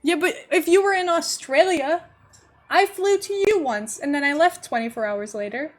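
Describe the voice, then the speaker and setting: Brief: young woman streamer, slightly high voice, chatty and giggly, faint music under her. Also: expressive, normal speed. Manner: chatty and giggly, rambling to chat while building. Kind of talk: casual live-stream chat.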